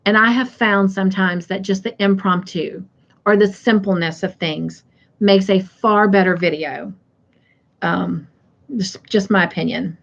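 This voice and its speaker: A woman's voice: mid-range voice, unhurried, gravelly, lo-fi sound. A middle-aged woman hosting a casual crafting live stream. She reads viewer comments aloud in a chatty way and laughs easily.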